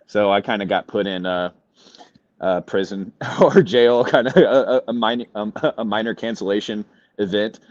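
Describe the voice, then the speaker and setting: A man's voice: lowish voice, fairly even intonation, moderate pace, darkish tone. A man in casual reflective chat, thoughtful and wry, chuckling as he talks. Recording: dull dry call audio.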